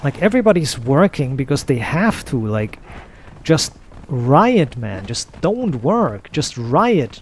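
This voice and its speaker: Over his gameplay, a man drifts off-topic into a frustrated, profane rant, repeating himself as he goes. His pitch is fairly high with a darkish tone, and a little hiss or hum sits in the background.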